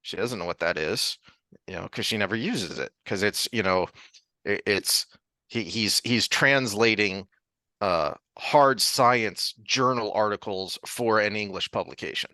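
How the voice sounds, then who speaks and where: A man's voice: on the low side, unhurried, sharp tone, dry recording. A man co-hosting a casual book podcast, rambling with frequent restarts and easy laughter. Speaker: podcast co-host.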